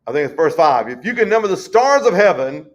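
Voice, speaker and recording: Guy teaching bible study, folksy and chatty, voice sits a bit high, slows way down for scripture. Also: very animated. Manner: folksy, conversational, reads scripture slowly.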